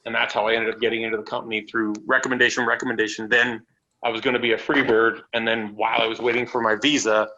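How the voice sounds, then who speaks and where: A man from Canada, a wrestler guest on a podcast interview, telling stories in a casual, animated way, swearing freely and acting out what others said. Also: on the low side, fast. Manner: animated, swearing, acts out quotes. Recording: dull lo-fi audio with faint noise.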